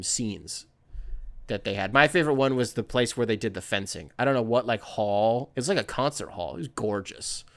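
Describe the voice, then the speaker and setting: A man's voice: medium pitch, a bit bright. A man hosting a podcast, chatting loosely and rambling with lots of fillers and the odd swear. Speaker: podcast host. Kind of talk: casual chat.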